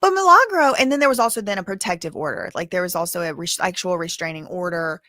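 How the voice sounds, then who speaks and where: A woman's voice: on the low side, quick pace, fairly bright tone, no echo, studio quality. Chatty woman hosting legal commentary. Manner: chatty, digressive, blunt asides. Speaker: commentary channel host. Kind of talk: casual livestream legal commentary.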